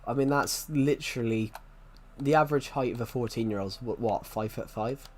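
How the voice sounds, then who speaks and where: A man's voice: medium pitch, normal speed, slight background noise. A young man from the UK with a strong regional British accent, chatting casually with viewers on a game stream. He rambles and corrects himself as he answers chat. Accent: British regional, strong R sounds. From United Kingdom. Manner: rambling, self-correcting, answers chat questions as they come.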